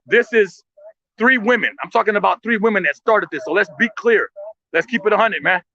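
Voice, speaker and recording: A man's voice: high-pitched, brisk, dull audio. A man speaking in heated, blunt commentary, profane and impassioned, often restarting his sentences.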